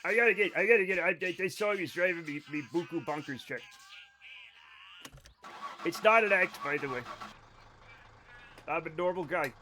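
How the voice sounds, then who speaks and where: A man with a Rhode Island accent chatting casually while streaming a game, animated and self-mocking, swearing now and then. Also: high voice, normal speed, long pauses, soft background music. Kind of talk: casual gameplay stream chat.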